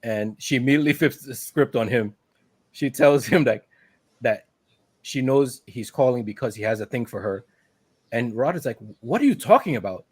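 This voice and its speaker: A man's voice: medium pitch, moderate pace, husky, no room sound. Laid-back man recapping a movie. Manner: animated retelling, laughs often, quoting characters. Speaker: podcast co-host.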